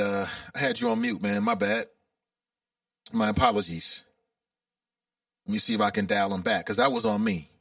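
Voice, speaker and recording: A man's voice: sits high, gravelly, fairly bright tone, dry recording, clean studio sound, recorded from a distance. A man from Cincinnati hosting a casual call-in radio talk show, chatty and openly emotional. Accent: Cincinnati, Ohio.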